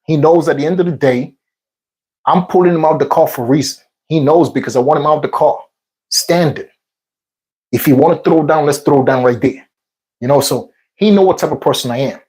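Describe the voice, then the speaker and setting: A man's voice: a little high, fairly quick, a little mellow, rough recording. A man casually telling a rambling personal story between workout sets, repeating himself and filling in with fillers. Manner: rambling, repetitive retelling with many fillers. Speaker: vlog host.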